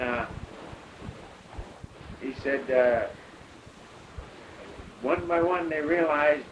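A man telling a long story in a casual, rambling way, pausing often and lifting his voice when he quotes others. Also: mid-range voice. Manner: rambling, halting with many pauses and fillers. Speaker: storyteller recounting a rescue. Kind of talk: casual oral-history storytelling. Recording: roomy recording with loud background hiss.

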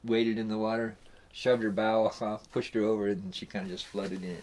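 A man's voice: lowish voice, steady tone, normal speed, darkish tone, rough recording. A man casually telling a story about a boat party, rambling with restarts and asides. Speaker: storyteller guest.

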